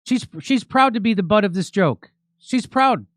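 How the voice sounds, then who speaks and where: A man hosting a political commentary show, talking in a sarcastic, mocking, animated way. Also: high voice, normal speed, no echo. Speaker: show host.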